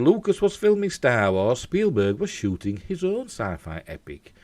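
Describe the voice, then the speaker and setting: A man's voice: mid-range voice, huge pitch swings, moderate pace, no echo. A man with a Yorkshire accent hosting an entertainment news show, reading the story with jokey asides. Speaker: host.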